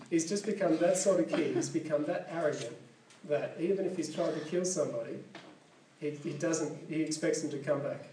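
A man's voice: fairly high pitch, recorded from a distance, noisy background. A man preaching a sermon, reading scripture aloud and explaining it in a conversational way, often correcting himself mid-sentence. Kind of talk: sermon with Bible reading and commentary. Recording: echoey room, voice from off-mic.

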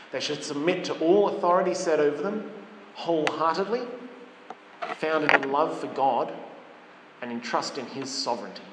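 A male preacher delivers a sermon in an earnest, measured way, stacking his points one after another. His voice sits a little high. The sound rings through a roomy church hall with a long reverb, and a faint hiss runs under it. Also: fairly bright tone. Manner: measured, earnest, emphatic lists.

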